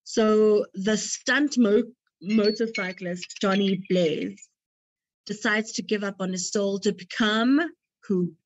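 A woman's voice: mid-range voice, fairly even intonation, takes it slowly, no echo. A young woman hosting a movie quiz, reading out questions and multiple-choice options and chatting between them with a light, joking manner. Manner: chatty, laughs at her own jokes. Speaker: quiz host. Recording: dull dry lo-fi recording.

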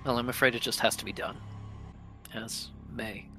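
A man narrating as game master of a tabletop game, in a hushed, measured way. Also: medium pitch, steady tone, faint music behind.

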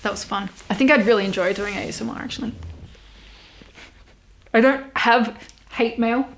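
A woman's voice: on the high side, normal speed, slight background noise. Aussie woman rambling on her podcast, swears a lot, laughs a lot. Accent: Australian. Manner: candid and sweary, laughs often. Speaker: podcast host. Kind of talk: casual solo podcast chat.

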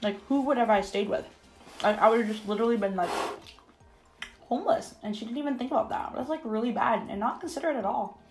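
Eating as she talks, a young woman in her twenties films a casual mukbang in her home bathroom and uses "like" nonstop. She speaks fast in a slightly high, darkish voice over soft background music, and the recording quality is low.

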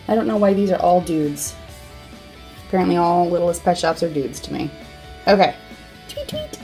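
A woman's voice: a little high, creaky, darkish tone. A woman hosting a toy unboxing, chatting casually in a playful way and tossing in silly sound effects.

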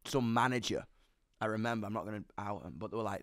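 A young musician guest with a fairly low voice launches into an energetic, fast-paced story in an interview, cursing freely as he goes. The clean studio recording has no echo.

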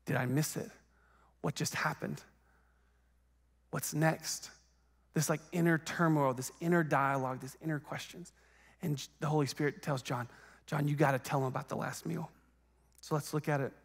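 A man with a high voice preaches in a church sanctuary. He tells the story casually, full of fillers and asides to the room. The tone stays conversational rather than formal. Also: a bit bright. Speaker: pastor. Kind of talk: sermon.

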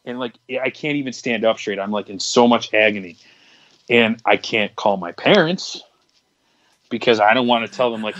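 A man's voice: lowish voice, normal speed, fairly bright tone, poor audio. Rambling young man telling a crude story. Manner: rambling, candid, crude storytelling with many restarts. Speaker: podcast co-host. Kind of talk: casual storytelling chat.

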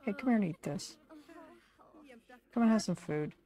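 A woman's voice: medium pitch, lively intonation, moderate pace, dark tone. A woman giving casual, chatty commentary over her life-sim game, talking to her characters like a fussing parent. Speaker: gaming video creator.

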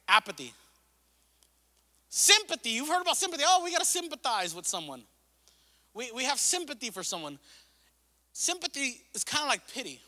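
A man's voice: extremely high pitch, big pitch swings, normal speed, long pauses, sharp tone, big-room sound. A male pastor preaching a sermon with impassioned repetition, mixing in casual slang and asides. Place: church sanctuary.

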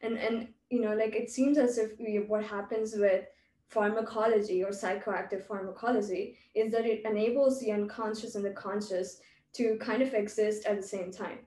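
A woman's voice: medium pitch, fairly even intonation, normal speed, dark tone, a little hiss or hum. A woman hosting a podcast, talking in a thoughtful, musing, academic way. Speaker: podcast host. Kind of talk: casual chat. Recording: echoey, distant from the mic.

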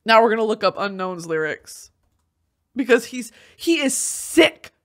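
A young adult woman hosting casual commentary, animated and swearing freely, with bursts of shouting and laughter. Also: on the high side, measured pace. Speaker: host.

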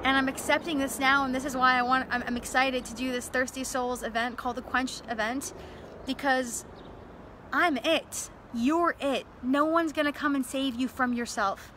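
High, bright-voiced young woman speaking passionately. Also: fairly even intonation, moderate pace, a little hiss or hum. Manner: emotional and emphatic, with repeated phrases and fillers. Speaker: speaker promoting a religious event. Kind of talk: impassioned storytelling monologue.

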